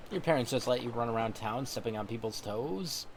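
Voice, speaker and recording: A man voicing a bullying old samurai thug with a gruff, sneering way of talking. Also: mid-range voice, brisk, a little hiss or hum, lightly acted. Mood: scolding.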